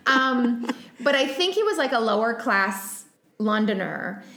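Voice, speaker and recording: A woman's voice: a little high, big pitch swings, measured pace, pushed and bright, echoey room. Chatty woman podcast co-host. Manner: chatty, lots of fillers and laughs. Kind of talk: casual chat.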